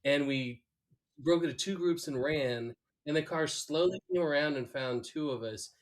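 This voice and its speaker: A man's voice: fairly high pitch, moderate pace, poor audio. A man co-hosting a podcast, chatting casually about a cartoon, laughing often and telling personal anecdotes. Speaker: podcast co-host. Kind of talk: casual chat recapping a cartoon episode.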